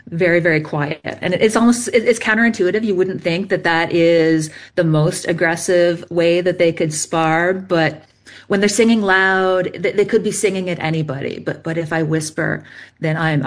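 A woman researcher patiently explaining bird behavior step by step in an interview. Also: low voice. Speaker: bird song researcher guest.

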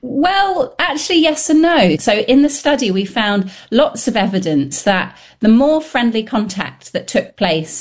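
A woman scientist answering questions in an interview, explaining her findings in a lively, engaged way. Her voice sits at a middle pitch. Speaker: scientist guest.

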